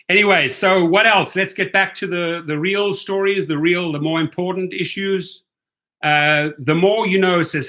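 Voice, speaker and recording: This livestream host, a man with a South African accent, reads out questions from his viewers and gives chatty, blunt replies. His voice is slightly high and somewhat bright.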